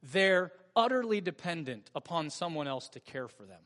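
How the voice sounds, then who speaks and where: A man preaching a sermon as pastor, earnest and emphatic, drawing out key words slowly. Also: on the high side, very animated. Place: church sanctuary. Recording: long reverb of a church hall.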